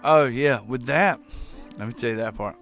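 A man's voice: medium pitch, normal speed, soft background music. A man in casual movie chat as a podcast co-host, swearing freely and acting out scenes in voices. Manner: animated, swears a lot, acts out scenes in voices.

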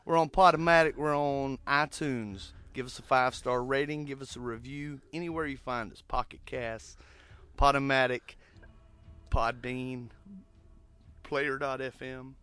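Laid-back, bright-voiced male podcast host. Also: mid-range voice, fairly even intonation, measured pace, clear, resonant tone. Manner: laid-back, swears casually. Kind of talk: casual podcast chat.

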